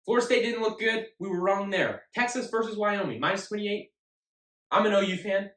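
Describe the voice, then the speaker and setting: Animated man hosting sports talk in an echoey room. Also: high voice, fairly quick. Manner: animated and emphatic, repeats himself. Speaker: sports show host. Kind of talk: casual solo sports talk. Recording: echoey room, mic at a distance.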